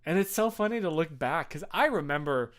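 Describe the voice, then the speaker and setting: A streamer in their thirties chats casually on a live stream, reading chat and rambling with lots of fillers and restarts. The voice is medium-pitched, animated, and fairly quick.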